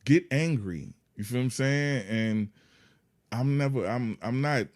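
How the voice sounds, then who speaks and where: A man who is a guest on a podcast, talking in a calm, laid-back way that is full of "man" and "you know what I mean". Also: medium pitch, a little slow. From Yonkers, New York. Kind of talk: casual interview chat.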